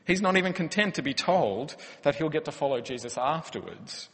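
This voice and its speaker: A man's voice: a little high, lively intonation, brisk, fairly bright tone. A man, a pastor preaching a sermon in an earnest, conversational way with rhetorical questions. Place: church hall. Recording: long church-hall reverb.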